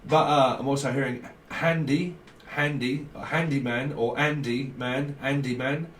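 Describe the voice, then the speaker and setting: In a steady, fairly bright medium-pitched voice, a man reads tarot casually at a measured pace, rambling from one link to the next and laughing softly often. The mic is distant, giving roomy sound and a faint background hiss.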